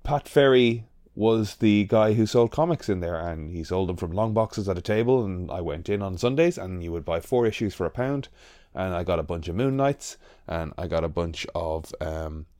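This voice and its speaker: A man's voice: deep voice, lively intonation, moderate pace, mellow, no room sound, studio quality. A man with an Irish accent co-hosting a podcast, telling nostalgic stories and swearing casually. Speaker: podcast co-host. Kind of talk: casual chat.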